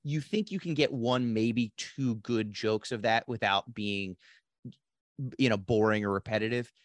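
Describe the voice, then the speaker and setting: A man's voice: fairly low pitch, measured pace, dry recording. Enthusiastic man, dry close sound. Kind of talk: casual movie chat.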